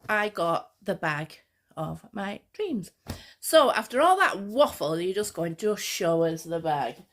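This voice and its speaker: A woman vlogger talking casually, telling a rambling, excitable story. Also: fairly low pitch. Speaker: fashion vlogger. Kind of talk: casual chat.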